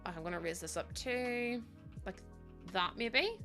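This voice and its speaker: Young woman streaming, chatty and worked up, bright voice, faint music behind. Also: on the high side, lively intonation, unhurried. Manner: heated, chatty, talks to chat by name. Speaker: live streamer. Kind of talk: casual chat while building in a game.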